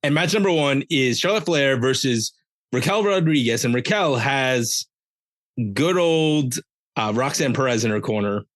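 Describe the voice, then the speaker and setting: A man's voice: mid-range voice, lively intonation, measured pace, fairly bright tone, dry recording. Man, podcast host, casual rambling recap, jokey asides, dry close sound.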